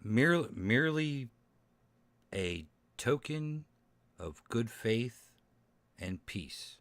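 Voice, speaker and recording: Guy at a tabletop game, low voice, slow and kinda hesitant, dry mic. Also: expressive, fairly bright tone, dry recording. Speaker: player. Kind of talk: in-character tabletop play.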